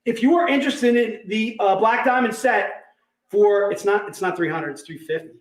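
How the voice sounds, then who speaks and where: A man hosting a livestream and selling collectibles, talking in an excitable, joking way. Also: high voice, normal speed. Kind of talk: livestream sales pitch. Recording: echoey room.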